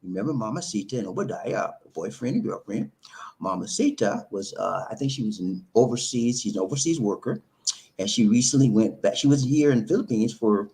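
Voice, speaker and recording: A man hosting a live stream, giving casual relationship advice and reading viewer comments. He talks in an animated, preachy way, repeats himself for emphasis and speaks straight to his viewers. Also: mid-range voice. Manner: animated and repetitive, preachy, addresses viewers directly. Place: living in the Philippines.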